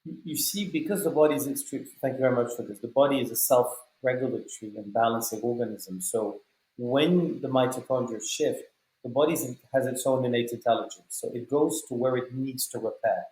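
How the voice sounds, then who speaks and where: A male podcast host speaks with a mid-range voice. He asks long, measured questions that wander, with plenty of fillers along the way. His voice carries the echo of a roomy space. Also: medium pitch, darkish tone. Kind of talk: conversational podcast interview. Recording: echoey room.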